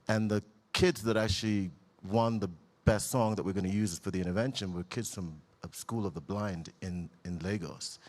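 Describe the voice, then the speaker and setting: A man, a doctor raised in Britain, speaking earnestly and with enthusiasm on a panel. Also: deep voice. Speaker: doctor, public health founder. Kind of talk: panel talk.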